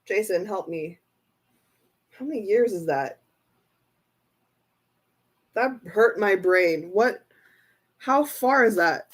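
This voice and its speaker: A young woman reading tarot on a casual livestream, excitable and laughing often between phrases. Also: medium pitch, slow pace, long pauses. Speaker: tarot reader.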